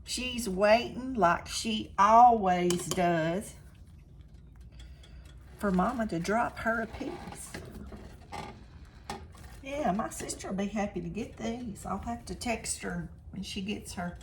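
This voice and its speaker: In this casual cooking vlog, an older woman speaks chattily to viewers from her home kitchen while tasting what she makes. Her voice is medium-pitched and slow with frequent pauses, with a little hiss or hum behind it.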